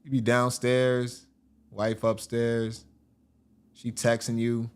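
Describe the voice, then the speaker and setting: A man hosting a show, giving casual, joking commentary over video clips in an animated way and often laughing. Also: medium pitch, slow, clean tone. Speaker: host.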